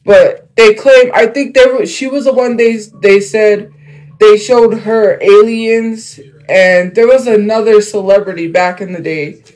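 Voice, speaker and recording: Young man, high-pitched voice, casual livestream chat, rambling, lots of fillers. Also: fairly even intonation, measured pace, a little mellow, low-quality recording. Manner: rambling, filler-heavy, jumps between topics.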